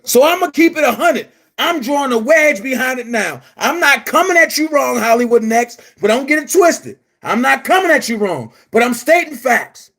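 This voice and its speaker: Brief: man, very high voice, angry profane commentary rant, frequent shouting, blunt and repetitive. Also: big pitch swings, normal speed, few pauses. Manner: blunt and emphatic, repeats phrases. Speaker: online commentary host. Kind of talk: heated vlog rant.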